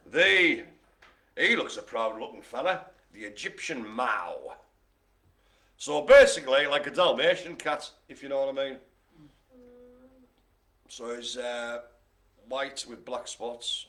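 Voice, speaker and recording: A man's voice: medium pitch, animated, a little slow, long pauses, pushed and bright. A man hosting a live online bingo game, chatty and jokey, full of puns and asides. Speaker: bingo host.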